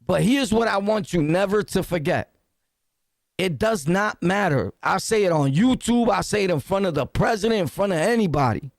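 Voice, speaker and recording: In a high, gravelly voice, a Brooklyn-born reaction commentator with a Brooklyn New York accent brags and swears through a loud, casual rant, laughing often and leaning on street slang. The studio-quality recording has no echo.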